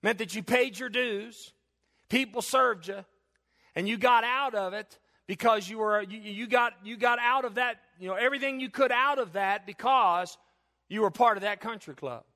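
A male pastor giving a sermon in church, reading scripture slowly and emphatically, then praying in a hushed voice. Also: high voice.

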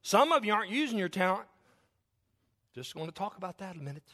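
A man preaching a sermon to his congregation, emphatic and repetitive, swinging between intense build-ups and quiet, low passages. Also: sing-song, a little fast. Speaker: pastor.

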